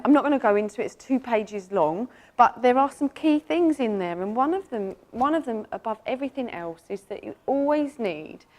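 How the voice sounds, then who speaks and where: Woman, animal communicator, live talk, enthusiastic storytelling, lively pitch jumps. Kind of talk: live presentation to an audience.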